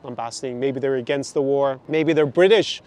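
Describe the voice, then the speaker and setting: A man's voice: mid-range voice, normal speed, a little mellow. A man giving critical, sarcastic reaction commentary on a clip, outdoors in a city. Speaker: YouTuber reacting to a video.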